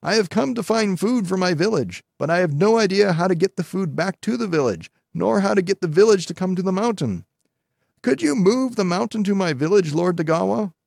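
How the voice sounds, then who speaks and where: A man voicing a brave, determined little village girl in a high, earnest voice. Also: expressive, fairly quick, vocal fry, darkish tone, dry recording, studio quality, full character voice. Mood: pleading.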